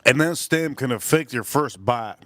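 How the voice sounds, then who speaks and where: A man from Miami, Florida, reviews food on a live stream, rambling, joking crudely and talking with food in his mouth. His mid-range voice sounds pushed and bright, at a normal speed.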